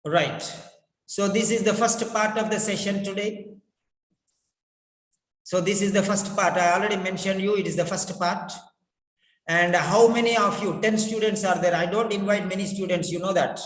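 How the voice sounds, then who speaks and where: High-voiced male teacher in an echoey room. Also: steady tone, moderate pace, fairly bright tone. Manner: repeats words and phrases, coaxing students to respond. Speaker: English pronunciation teacher. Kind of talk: online class teaching. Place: in his village. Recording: echoey room with long reverb.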